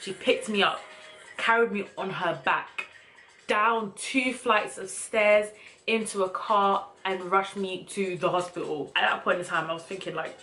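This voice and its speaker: A young woman vlogger casually telling a personal story to camera in a chatty, animated way, with slang. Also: mid-range voice, unhurried, faint music behind, low-quality recording.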